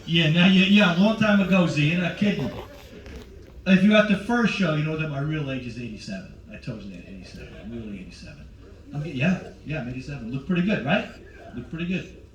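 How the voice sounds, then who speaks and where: A man's voice: fairly high pitch, animated, fairly quick, dull audio, a little hiss or hum. A middle-aged male stand-up comedian in a cruise ship show lounge, brashly teasing the audience as he works the crowd. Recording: roomy, distant, faint crowd ambience.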